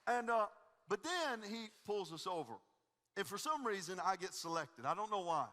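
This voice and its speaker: Lively high-voiced pastor. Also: male voice, normal speed, in a large hall. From Tennessee. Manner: energetic, joking, folksy. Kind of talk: sermon with humorous storytelling. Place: church stage before a congregation.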